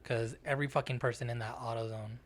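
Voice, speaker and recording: Profane, animated man telling a story. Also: medium pitch, quick pace. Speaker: podcast co-host. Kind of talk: casual podcast chat.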